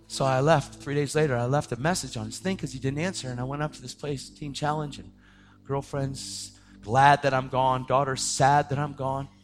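A young adult man telling a personal testimony in a casual way, often saying "man", his voice rising to shouts at the most intense moments. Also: mid-range voice, steady tone, moderate pace, faint music behind. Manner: casual, says "man" and "dude" a lot. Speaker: speaker sharing his testimony.

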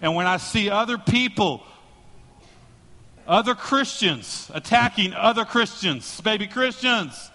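A male pastor delivers an animated sermon, mixing jokes with storytelling. His voice is high and bright. A long reverb fills the sanctuary around him. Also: a little slow. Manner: storytelling, joking, animated preaching.

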